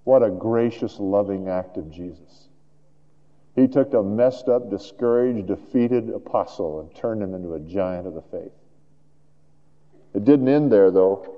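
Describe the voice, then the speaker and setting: A man preaching a sermon in an animated way, moving between loud emphasis and hushed tones. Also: medium pitch. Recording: dull lo-fi sound with long hall reverb.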